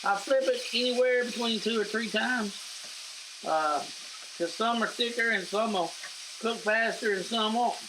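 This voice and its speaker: Chatty and folksy, a middle-aged man demonstrates home cooking in his kitchen and addresses his audience as guys. He speaks at a measured pace in a high voice over some background noise.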